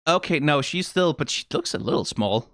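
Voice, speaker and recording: A man's voice: fairly high pitch, expressive, moderate pace, fairly bright tone, dry recording, studio quality. A man with a Danish accent giving casual, rambling commentary as a reaction YouTuber, swearing and firing off rhetorical questions. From Denmark. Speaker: video game reaction YouTuber.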